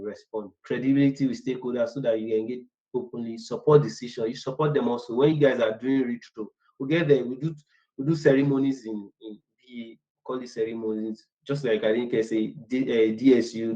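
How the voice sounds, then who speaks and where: A man's voice: medium pitch, fairly even intonation, fairly quick, dark tone, lo-fi sound. A man teaching business analysis in a casual, rambling way. He repeats words and acts out short workplace exchanges. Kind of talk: casual online lecture.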